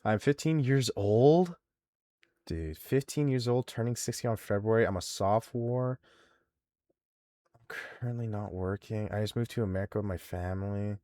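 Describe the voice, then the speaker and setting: A man's voice: fairly low pitch, normal speed, warm tone, no room sound, studio quality. A man hosting a live stream, reading out viewer responses and mocking them in a crude, exasperated way. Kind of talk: casual live-stream commentary.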